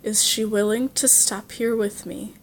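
A woman's voice: mid-range voice, fairly even intonation, unhurried, gravelly, a little hiss or hum. A woman reading the lines of a terrible-looking but courteous male beast in a storybook tale, formal and stately.

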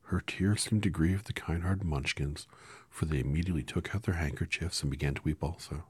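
A man reading a children's story aloud in a calm, unhurried way, sometimes dropping to a whisper. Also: extremely low pitch, husky, dry recording. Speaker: storybook reader.

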